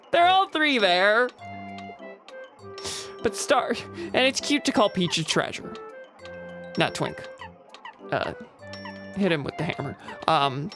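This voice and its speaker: A young woman streaming a game from home, chatting casually and reading messages from chat aloud in a rambling way. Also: mid-range voice. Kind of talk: casual live-stream chat while gaming. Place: home room with a vocal booth beside her.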